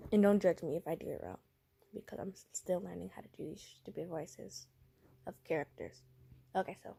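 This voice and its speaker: A woman's voice: fairly low pitch, fairly quick, gravelly, dark tone, slightly rough. A tired woman narrating a role-play story in a casual, rambling, giggly way. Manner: giggly, rambling, self-conscious.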